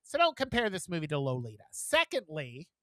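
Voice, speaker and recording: A man co-hosting a podcast, chatting casually in a blunt, profane, animated way. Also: a little high, brisk, no room sound. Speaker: podcast co-host. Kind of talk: casual chat.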